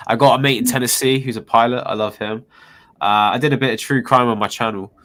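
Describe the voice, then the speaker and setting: A man's voice: medium pitch, fairly even intonation, fast talker, fairly bright tone. A man with a British accent, a guest in a casual chat, talking in an opinionated way and laughing easily. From United Kingdom.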